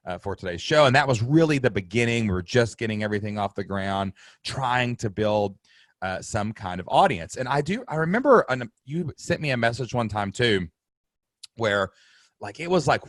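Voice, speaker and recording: A man's voice: fairly low pitch, no room sound. Guy hosting a podcast, super enthusiastic and emotional, dry sound. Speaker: podcast host. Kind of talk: casual podcast interview.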